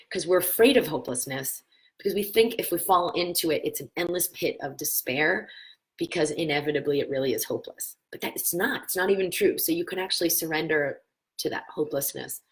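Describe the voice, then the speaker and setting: Animated, encouraging woman wellness host. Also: low voice, low-quality recording. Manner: animated storyteller, acts out quoted voices; earnest, encouraging, answers viewer questions. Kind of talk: spiritual coaching talk with personal story.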